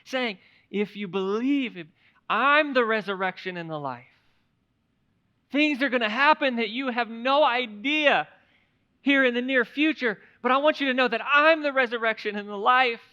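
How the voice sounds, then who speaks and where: A man preaching in a church with a high, bright, forceful voice. He drops to hushed reflection, then rises to loud, emphatic declarations. The recording is dull and lo-fi. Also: normal speed, clear, resonant tone. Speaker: pastor. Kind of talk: sermon. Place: church sanctuary.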